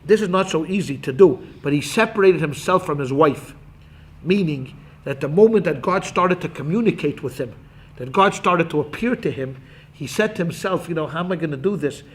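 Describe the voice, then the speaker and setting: High-voiced animated rabbi teaching. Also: male voice. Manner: animated, acts out quotes, quick asides to students. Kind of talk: Talmud class lecture.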